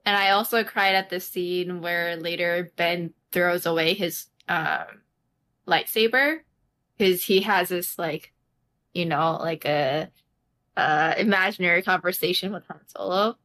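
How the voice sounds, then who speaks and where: Slow, bright-voiced woman chatting. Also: fairly low pitch. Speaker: podcast co-host. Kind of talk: casual chat.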